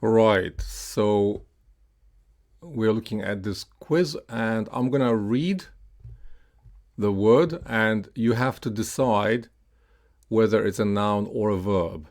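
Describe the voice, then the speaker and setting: Low-ish guy teaching pronunciation, super slow and careful, repeats each word. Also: a little mellow. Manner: slow and deliberate, with repeated words and fillers. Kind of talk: slide-based pronunciation lesson.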